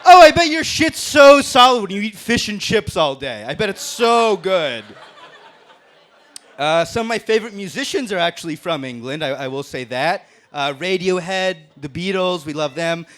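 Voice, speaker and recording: A man's voice: sits high, expressive, moderate pace, fairly bright tone. A man doing a brash, profane stand-up roast set on a comedy club stage, laughing at his own jokes. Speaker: stand-up comic in a roast battle.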